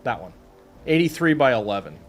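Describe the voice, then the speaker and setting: A man's voice: mid-range voice, a little fast, soft background music. A man casually talking to himself while playing a creature-taming game, chatting to his animals and muttering over stats. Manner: chatty, talks to animals and himself, swings from muttering to excited squeals. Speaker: streamer. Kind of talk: casual gameplay commentary.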